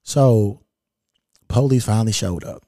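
A man's voice: fairly low pitch, a little slow, warm tone, dry recording, studio quality. A man from Kentucky hosting a podcast, telling a story in a blunt, profane, rambling way. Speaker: podcast host. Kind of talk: casual storytelling monologue.

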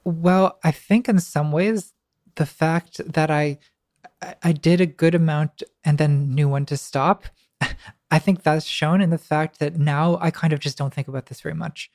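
A woman's voice: deep voice, fairly even intonation, measured pace, a little mellow, no room sound, clean studio sound. A woman guest talking reflectively, hesitant with many restarts and fillers, and now and then laughing wryly at herself. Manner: wry, laughs lightly at herself. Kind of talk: reflective conversation.

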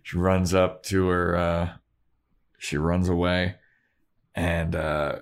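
A man's voice: sits low, little pitch movement, slow. A man co-hosting a podcast, recapping an episode in breezy, profane casual chat. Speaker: podcast co-host.

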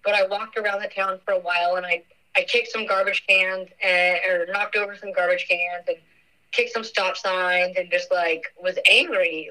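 Bright-voiced young woman recalling loss. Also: mid-range voice, low-quality recording. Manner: earnest, halting, frequent fillers. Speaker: interviewee. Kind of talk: personal recollection.

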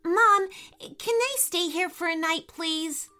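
A woman voicing an excited, cheerful little girl in an eager, bubbly manner, for a storybook reading. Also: very high voice, takes it slowly, pitched above the performer's own voice, exaggerated voice.

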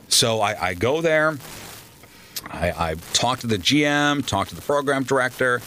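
A man, a radio DJ, telling animated stories in a casual interview and acting out the people he quotes. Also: on the low side, normal speed, slight background noise. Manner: animated anecdotes, acts out quoted voices. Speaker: radio DJ guest.

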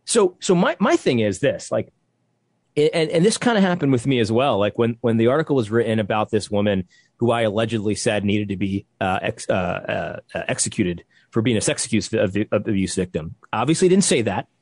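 A young man with a slightly husky voice holds forth in heated, conversational commentary. His pitch jumps around a lot as he presses each point, repeating himself and restarting sentences. The sound is dry and close. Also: lively intonation, a little fast, darkish tone, no echo. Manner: emphatic, repetitive, restarts when worked up. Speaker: podcast co-host.

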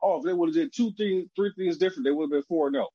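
A man on a sports podcast, chatting casually and asking lively questions. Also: fairly high pitch, fast talker, no echo. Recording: dull, dry lo-fi sound.

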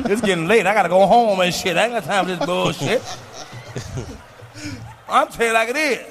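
A man in his forties doing a profane, boastful stand-up routine on stage, shouting his punchlines. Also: sits high, normal speed, pauses often. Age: 40s. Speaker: stand-up comedian. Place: comedy stage before a live audience. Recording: live hall recording with faint noise.

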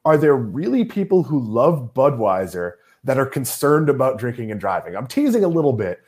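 Middle-aged guy from massachusetts, animated pitch, jokey and opinionated. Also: moderate pace. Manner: joking, opinionated. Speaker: podcast host. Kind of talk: casual chat.

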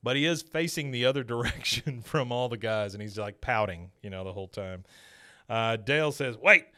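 A man's voice: medium pitch, normal speed, a bit bright. A man co-hosting a podcast, casually retelling a cartoon episode with a chatty, storytelling manner and frequent fillers. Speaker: podcast co-host.

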